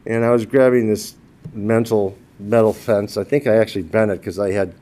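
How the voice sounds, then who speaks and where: A man's voice: on the low side, steady tone, normal speed, mellow. Older man telling funny eulogy stories. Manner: humorous storyteller who laughs at his own stories. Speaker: widower giving a eulogy. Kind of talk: funeral eulogy told as personal anecdotes.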